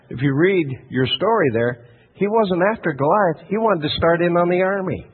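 A man's voice: on the high side, animated, fairly quick, breathy edge, phone-quality sound. A man preaching a sermon in an emphatic, folksy style, telling the story with lots of energy.

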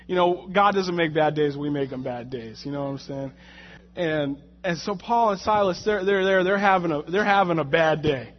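Guy preaching casual, tells a jokey story, slightly high voice, gets loud and worked up, kinda dull muffled sound. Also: moderate pace. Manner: animated, jokey storytelling with rising, shouted anger in the retold moments. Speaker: lay preacher. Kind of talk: conversational sermon with a personal story.

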